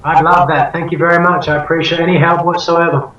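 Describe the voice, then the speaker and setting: A man, a guest on a casual podcast, talking in a playful, lively way. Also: fairly high pitch, fast, a crowd in the background. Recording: echoey, distant, dull audio.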